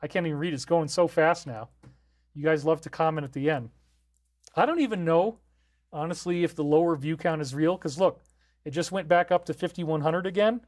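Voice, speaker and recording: A man's voice: fairly high pitch, brisk. A man hosting a live stream, reading viewer comments aloud and answering them in an easygoing, off-the-cuff way.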